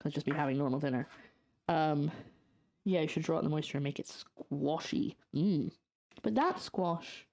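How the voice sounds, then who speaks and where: A woman's voice: deep voice, steady tone, moderate pace, dark tone. A young Scottish woman cooking on a casual livestream, chatting loosely with viewers and trailing off into fillers as she works in her home kitchen. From Scotland. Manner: chatty, reads out and answers chat, trails off in fillers. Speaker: streamer.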